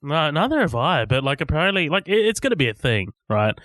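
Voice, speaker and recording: A man's voice: a little high, big pitch swings, quick pace, fairly bright tone, no room sound. A man co-hosting a casual movie podcast, rambling, swearing often and laughing between thoughts. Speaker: podcast co-host. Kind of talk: casual movie review chat.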